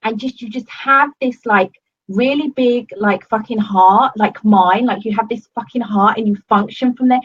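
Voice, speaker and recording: A woman's voice: a little high, normal speed, breathy edge, lo-fi sound. A woman giving a casual testimonial to her coach, gushing and swearing often, with many fillers. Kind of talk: casual video-call testimonial.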